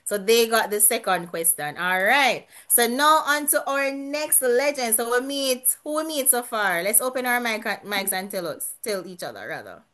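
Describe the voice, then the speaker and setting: A woman's voice: a little high, expressive, moderate pace, few pauses, bright, forceful tone. A woman hosting a casual quiz over a video call, chatty, laughing often and restarting her sentences. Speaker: quiz host at an online church gathering.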